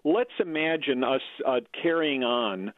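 A man discussing a Bible passage earnestly, halting and repeating words as he thinks. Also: mid-range voice, lively intonation, dry recording. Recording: tinny phone-like line.

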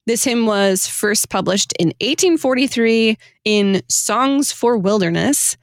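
A woman's voice: a little high, lively intonation, takes it slowly, no echo, studio quality. A woman hosting a podcast, chatting casually, laughing often and reading hymn texts aloud with feeling. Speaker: podcast host.

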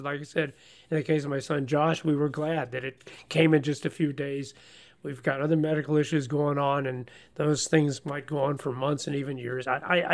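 Earnest gravelly middle-aged man teaching scripture. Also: fairly high pitch. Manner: earnest, folksy, repeats words when starting. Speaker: Bible study host. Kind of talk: conversational Bible discussion.

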